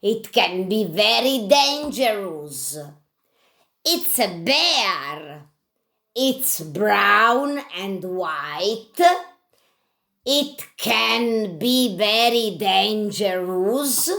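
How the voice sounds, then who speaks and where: A woman with an Italian accent, teaching English to children in a puppet lesson, speaking slowly and repeating simple sentences. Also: medium pitch, animated, vocal fry, fairly bright tone.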